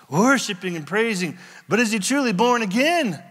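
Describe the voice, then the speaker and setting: A man preaching a sermon as pastor, retelling scripture scenes with lively acted-out voices. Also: sits high, normal speed, few pauses, big-room sound.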